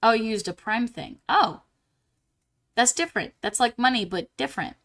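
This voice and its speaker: A young woman streaming live while drawing, chatting casually and getting bubbly and squealy when excited. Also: a little high, normal speed.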